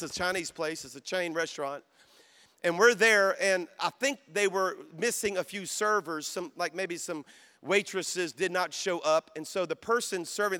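Male pastor, high and bright, shifts between soft storytelling and shouted exhortation. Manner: storytelling, dropping to soft voice then rising to shouts. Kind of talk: sermon. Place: conference hall.

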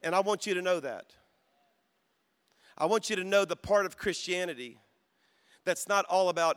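Male pastor, high and bright, shifts between soft storytelling and shouted exhortation. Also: fairly quick. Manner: storytelling, dropping to soft voice then rising to shouts. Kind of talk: sermon. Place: conference hall.

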